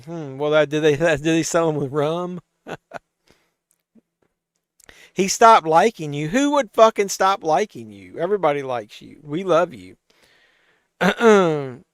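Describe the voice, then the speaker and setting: A man's voice: on the high side, clean tone, dry recording, studio quality. Tipsy, profane man hosting a live chat stream. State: tipsy from drinking. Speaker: host of a live watch-along stream. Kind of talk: casual live-stream chat, reading chat aloud.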